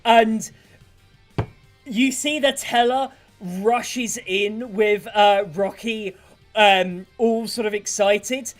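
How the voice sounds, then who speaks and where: Give me a game master telling a brutal battle in slow, drawn-out, vivid detail. The voice sits at a middle pitch, and soft music plays underneath. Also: steady tone. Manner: vivid, gory scene narration. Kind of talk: narrating a tabletop game.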